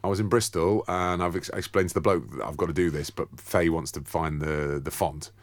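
A man with a Scouse accent, an excitable, boisterous podcast co-host telling stories and bantering. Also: sits low, brisk, no room sound. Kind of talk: casual banter.

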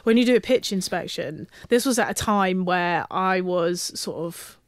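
A woman's voice: on the low side, measured pace, no echo, studio quality. A woman rugby referee talking casually on a podcast, retelling match incidents with lots of restarts. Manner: animated storytelling with many restarts.

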